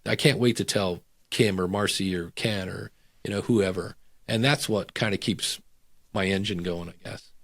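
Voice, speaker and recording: A middle-aged man, a podcast guest, chatting casually and telling lively anecdotes in which he acts out the voices of the people in them. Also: low-pitched, normal speed. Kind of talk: casual storytelling chat.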